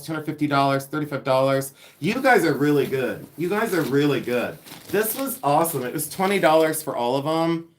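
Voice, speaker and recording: A man chatting casually on a live stream as he unboxes vintage finds, talking in a chatty, excitable and self-mocking way. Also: on the high side, a little hiss or hum. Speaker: live-stream antiques reseller. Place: indoors among boxes of haul. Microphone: device.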